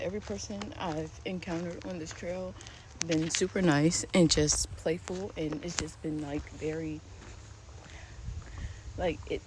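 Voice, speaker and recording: A woman vlogging casually while hiking an outdoor trail, talking into a phone held at arm's length in a rambling, chatty way full of fillers and laughs. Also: lowish voice. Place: outdoor nature trail near a pond. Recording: outdoor ambience with clear background noise.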